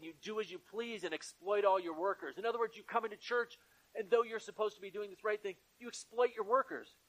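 Male pastor, high voice, earnest repetitive sermon cadence, church setting. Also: fairly even intonation, a little fast, a bit bright, rough recording.

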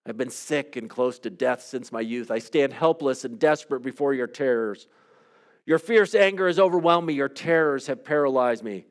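Earnest man praying in a hushed plea. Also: medium pitch. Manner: earnest, pleading, with long hushed pauses. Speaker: pastor leading a devotional. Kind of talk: reflective spoken prayer and teaching.

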